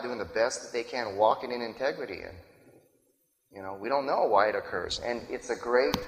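A man preaching a sermon in a casual, talky way, pausing to ask his listeners "right?" as he goes. His voice sits at an ordinary pitch. It rings out with a long reverb, as if in a large hall. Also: fairly bright tone. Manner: conversational preaching, frequent "right?" asides. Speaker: pastor.

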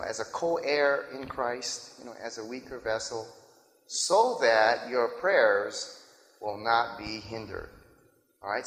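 A man preaching a sermon in a casual, talky way, pausing to ask his listeners "right?" as he goes. His voice sits at an ordinary pitch. It rings out with a long reverb, as if in a large hall. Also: fairly bright tone. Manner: conversational preaching, frequent "right?" asides. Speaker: pastor.

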